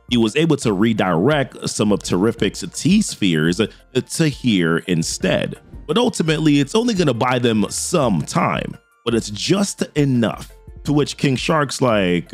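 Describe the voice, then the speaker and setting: Animated comic recap guy, lively pitch. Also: measured pace, soft background music. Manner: animated, laughs often, slangy, paraphrases characters loosely. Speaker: comic book recap host. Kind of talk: casual comic story recap.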